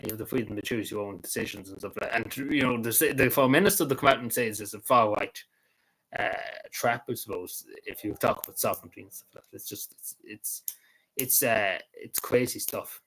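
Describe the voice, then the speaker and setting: A man hosting a casual livestream, talking in a halting, rambling way with frequent laughs and restarts. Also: fairly low pitch, a bit bright, slight background noise, rough recording. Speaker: livestream host.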